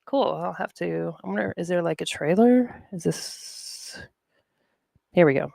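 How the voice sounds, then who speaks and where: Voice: medium pitch, animated, unhurried, creaky, warm tone, no room sound, clean studio sound. A podcast host chatting casually, rambling and talking to themselves while looking things up. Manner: rambling, talks to self while browsing. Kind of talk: casual chat.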